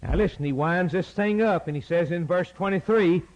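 A man preaching a sermon, impassioned and rhythmic, swinging from loud high peaks down to low, quiet lines. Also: moderate pace. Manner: impassioned, rising to shouted peaks then dropping low; repetitive, rhythmic preaching cadence. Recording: dull lo-fi sermon tape.

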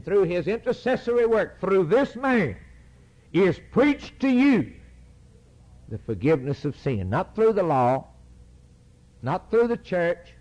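A man's voice: sits high, highs cut off. A man preaching a sermon, reading scripture aloud and driving points home through repeated phrases.

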